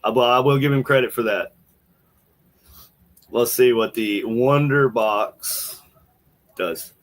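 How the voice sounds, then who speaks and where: A man's voice: mid-range voice, slow. A man hosting a podcast, thinking aloud in casual commentary as he plays clips, rambling with restarts. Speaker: podcast host.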